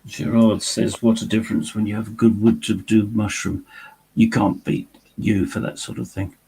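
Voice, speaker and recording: A man's voice: on the low side, flat delivery, normal speed, gravelly, dark tone, a little hiss or hum. A man chatting on a woodturning livestream with dry, chuckling humour. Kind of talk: casual stream banter.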